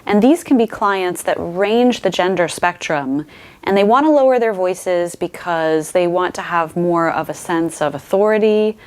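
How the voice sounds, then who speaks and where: Woman, voice coach, lowish pitch, clear explanatory lesson delivery. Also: a little slow. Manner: explains clearly, shifts voice to demonstrate. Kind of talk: instructional talk to camera.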